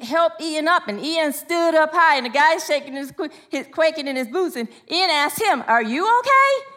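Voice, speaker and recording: Woman minister, high bright voice, chatty sermon full of little stories and laughs. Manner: storytelling with frequent laughs and asides, rising excitedly for quotes.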